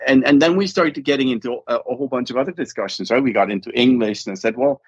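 A man's voice: medium pitch, fast talker, husky, no echo. A man, an author being interviewed, talking casually and rambling with lots of restarts. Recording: dull, dry lo-fi sound.

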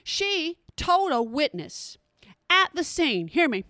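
Woman comic host, high voice, emphatic, talks to the crowd as "y'all," dry sound. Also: takes it slowly, no room sound. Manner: emphatic, animated, talks straight to listeners with "y'all" and "hear me". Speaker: comedic host. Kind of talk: comic storytelling to an audience.

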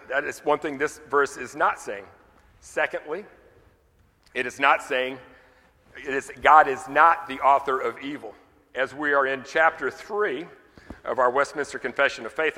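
Bright-voiced preacher in a reverberant church. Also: male voice, medium pitch, unhurried. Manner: emphatic, conversational preaching with rhetorical questions. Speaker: pastor. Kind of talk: sermon. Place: church sanctuary.

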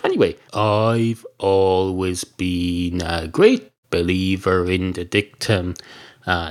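An Irish man hosting a podcast, telling a rambling, deadpan comic monologue full of digressions. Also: sits low, takes it slowly. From Ireland. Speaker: podcast host.

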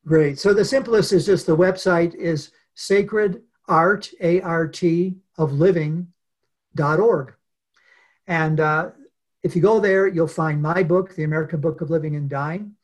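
Earnest storytelling man, slightly high voice. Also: fairly even intonation. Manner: earnest, unhurried, with frequent pauses and fillers. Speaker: interview guest, author. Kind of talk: reflective storytelling in conversation.

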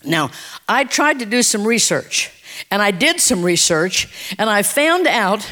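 A preacher giving a folksy, emphatic sermon that repeats key phrases and swings sharply in pitch. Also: fairly bright tone.

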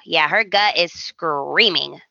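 A woman's voice: deep voice, slow, creaky, bright, forceful tone, no echo, lo-fi sound. A woman co-hosting a podcast, chatting casually with wry, dry jokes. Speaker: podcast co-host. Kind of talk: casual chat recapping a soap opera.

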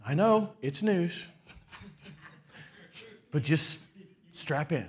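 Preaching from the pulpit, this man in his forties speaks very slowly and leaves long pauses. He poses rhetorical questions to the congregation, his pitch and loudness rising and falling with energy, and adds playful asides along the way.

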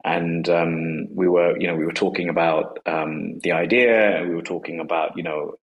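A man with a very low, deep voice talks casually as a guest about his work. He is in his forties and hesitant, his sentences full of fillers, restarts and repeated words. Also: steady tone, moderate pace, muffled recording. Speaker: guest, company co-founder. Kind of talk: casual conversation on a live audio space.

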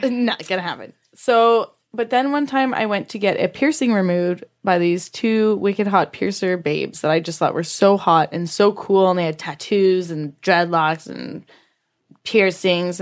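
A woman co-hosting a podcast in a casual chat, candid and swearing freely, often laughing. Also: fairly low pitch. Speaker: podcast co-host.

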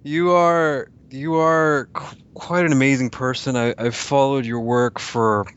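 A man's voice: mid-range voice, fairly even intonation, a little slow, fairly bright tone, smooth. A man hosting a podcast, thanking his guest in a hesitant, appreciative way with many restarts. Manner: hesitant, appreciative, repeats words. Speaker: podcast host. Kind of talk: interview wrap-up. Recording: dull lo-fi recording.

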